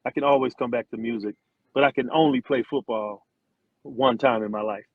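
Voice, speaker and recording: A middle-aged man, an interview guest, telling a long story with lively quoted voices and many restarts. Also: medium pitch, a little fast, dry recording, phone-quality sound. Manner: animated storyteller, acts out quotes, frequent restarts. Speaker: interview guest, former football player and singer.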